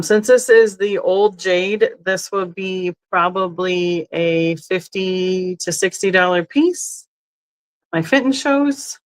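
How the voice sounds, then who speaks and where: A woman's voice: on the low side, fairly bright tone, poor audio. Chatty woman hosting a live sale. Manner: chatty, thinks aloud, self-correcting. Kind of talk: casual live-stream selling. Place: indoors, seated in a chair.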